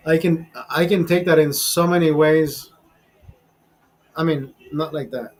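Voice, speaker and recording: A man's voice: a little high, steady tone, slow pace, long pauses, low-quality recording. A man in his forties hosting a casual chat, rambling bluntly and swearing freely. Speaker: show host. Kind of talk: casual chat over drinks.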